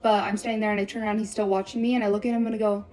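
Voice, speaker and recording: A young woman telling a breakup story on a vlog, blunt and profane, swearing constantly in rapid run-on sentences. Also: mid-range voice, little pitch movement, darkish tone, faint music behind.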